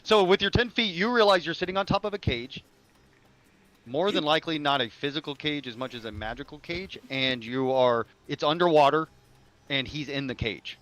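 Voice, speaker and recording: A man's voice: fairly high pitch, moderate pace, a bit bright. A man narrating as game master of a tabletop game, talking loosely with many fillers and restarts.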